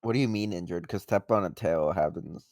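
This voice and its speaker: A man co-hosting a casual film discussion podcast, chatting casually with quick interjections and swearing. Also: low-pitched, darkish tone, no room sound. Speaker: podcast co-host.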